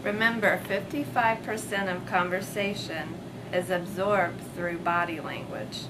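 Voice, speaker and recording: Female instructor, clear explaining tone, noticeable background noise. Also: fairly low pitch, measured pace, recorded from a distance. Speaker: class demonstrator.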